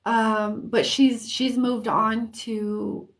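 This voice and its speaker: A woman giving an intuitive reading on a live stream, hesitant and searching for words, with soft, comforting reassurance. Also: fairly high pitch, flat delivery, extremely slow. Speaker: intuitive reader.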